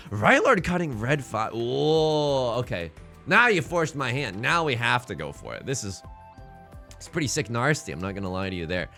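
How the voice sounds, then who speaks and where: Animated young man commenting on a game. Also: mid-range voice. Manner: animated, jokey, talks to opponents on screen. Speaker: let's play host.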